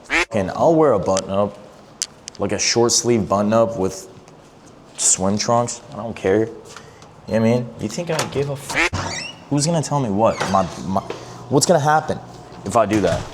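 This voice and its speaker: A man's voice: lowish voice, expressive, moderate pace, long pauses, slight background noise. A young man vlogging in casual, rambling talk, joking around and swearing a lot as he drives and shops. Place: in a car, then in a shop and at home.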